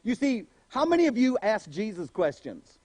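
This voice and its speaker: High-voiced man preaching a lively sermon. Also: normal speed, dry recording. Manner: animated preaching, acting out quoted voices. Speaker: pastor.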